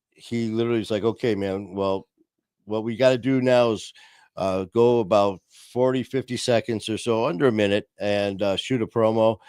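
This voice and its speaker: Rambling low-voiced male podcast host. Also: a little mellow, clean tone, dry recording, clean studio sound. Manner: rambling, unscripted, full of restarts and chuckles. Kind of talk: casual storytelling chat. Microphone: video call via streaming software.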